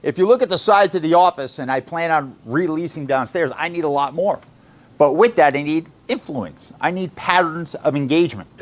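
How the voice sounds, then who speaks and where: A sales boss pumps up his team in the office. His voice sits a little high for a man. He talks bluntly, swears freely and keeps quizzing the room on what he means. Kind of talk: motivational talk to sales staff.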